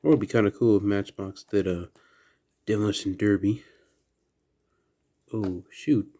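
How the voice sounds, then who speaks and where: A man with a slight Southern accent, chatting quietly through a toy unboxing at home late at night, keeping his voice down. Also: on the low side, steady tone, a little slow. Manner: soft, hushed indoor voice. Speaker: toy collector vlogger. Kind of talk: casual unboxing chat.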